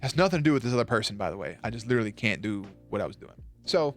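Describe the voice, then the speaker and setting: A man's voice: on the low side, very animated, racing, soft background music. A man streaming, telling a story in a loose, profane way and laughing at his own punchlines. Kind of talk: casual storytelling on a live stream.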